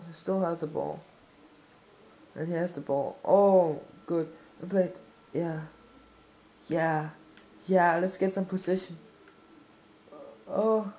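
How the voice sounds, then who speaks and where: A man giving live commentary while playing a football video game, exclaiming and swearing excitedly at the action. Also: a little high.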